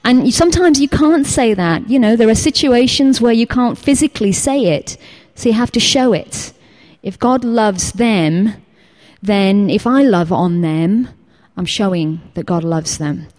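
A woman's voice: on the high side, unhurried. A woman teacher from England giving an informal sermon, full of personal stories, acting out quotes and dropping to a whisper at times. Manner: animated storytelling, acts out quotes, drops to whispers. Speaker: teacher giving a church talk.

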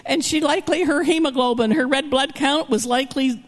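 A woman's voice: high voice, fairly quick. Woman preaching animatedly in a reverberant hall. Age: older. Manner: animated, acts out characters with shouts and whispers. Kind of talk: sermon storytelling.

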